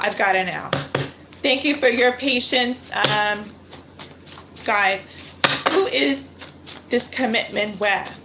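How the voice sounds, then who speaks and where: A woman's voice: on the high side, slow, pauses often, very noisy. A woman reading tarot cards on a livestream, thinking aloud and repeating her questions to spirit. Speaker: tarot reader. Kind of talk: live-streamed tarot reading.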